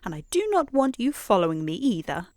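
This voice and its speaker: A woman voicing a tearful little girl in a bedtime story, speaking in a high, plaintive voice. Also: big pitch swings, a little fast, a little mellow, no echo, clean studio sound, lightly acted. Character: tearful little girl who cries constantly.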